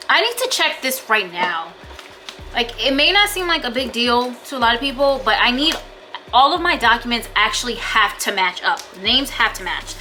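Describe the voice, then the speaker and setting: A woman's voice: a little high, pushed and bright. A woman vlogging casually about her small business, venting her frustration and swearing often. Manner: frustrated, swearing, repeats herself. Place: out and about, then at home.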